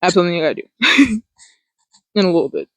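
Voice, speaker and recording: In a casual motivational talk, this mindfulness podcast host rambles freely, filling her speech with "like" and occasional swearing. She has a lowish, fairly bright voice and speaks fast and animatedly, though the audio quality is poor.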